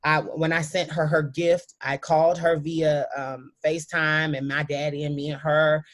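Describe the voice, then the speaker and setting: A woman telling a heartfelt personal story as a guest, emphatic and sometimes halting, often speaking straight to the listeners. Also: low-pitched, little pitch movement.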